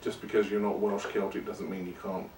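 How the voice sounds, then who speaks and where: A man hosts his podcast in a loose, rambling monologue, poking fun at himself as he goes. His voice sits on the low side. The sound is roomy, as if he is some way off the mic, with a faint hiss behind. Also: flat delivery, brisk, darkish tone, distant mic. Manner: rambling and self-deprecating. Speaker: podcast host. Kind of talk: casual monologue.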